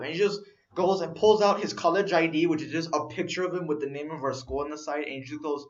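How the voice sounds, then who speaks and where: A young man co-hosting a podcast, telling a story in casual chat, animated and swearing as he acts out what people said. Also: fairly high pitch, fast talker. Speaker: podcast co-host. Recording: dull lo-fi recording.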